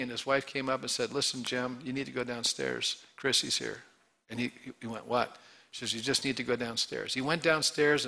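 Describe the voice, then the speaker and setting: A middle-aged male pastor preaching a sermon, asking the congregation questions and swinging from loud emphatic calls to hushed storytelling. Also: mid-range voice.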